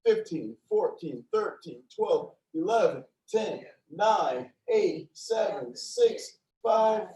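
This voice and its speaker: A man's voice: high-pitched, animated, takes it slowly, few pauses, mellow, reverberant, recorded from a distance, rough recording. A man leading a seated exercise class, counting reps aloud and cheering participants on in a playful, encouraging way. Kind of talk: upbeat class instruction with counting.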